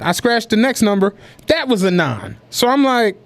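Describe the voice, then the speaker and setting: A man with a high voice co-hosts a podcast at a normal pace, trading casual stories. He's an animated storyteller who swears heavily and keeps laughing as he talks.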